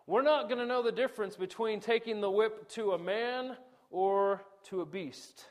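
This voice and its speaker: A middle-aged man preaching a sermon, animated, swinging between loud emphasis and quiet asides, often acting out quoted dialogue. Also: sits high, moderate pace. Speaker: pastor.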